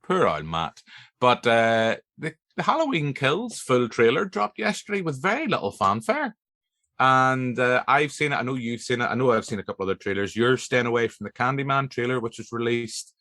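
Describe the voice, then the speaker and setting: Bright-voiced Northern Irish man, dry mic. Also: mid-range voice, sing-song, brisk, no echo. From Northern Ireland. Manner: rambling, jokey, lots of fillers. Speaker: podcast host. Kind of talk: casual chat.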